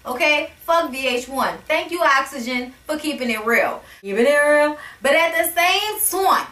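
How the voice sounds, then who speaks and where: A woman's voice: high voice, normal speed, recorded from a distance. Sassy, blunt woman ranting in an echoey room. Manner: sassy, blunt, profane, animated. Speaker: reality TV reviewer. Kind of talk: casual rant to camera. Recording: echoey room, voice a bit off-mic.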